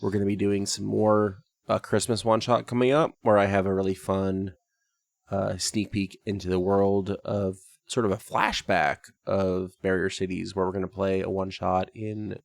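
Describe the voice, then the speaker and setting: A man with a low, gravelly voice hosts a casual talkback chat about his tabletop game. He rambles, pokes fun at himself and laughs often. The recording is dry and close. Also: little pitch movement, normal speed, no room sound. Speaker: podcast host and game master.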